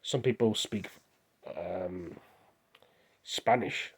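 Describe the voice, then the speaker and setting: At a normal speed, an English vlogger with a darkish voice on the low side talks casually into his phone camera. He rambles, moving from one topic to the next.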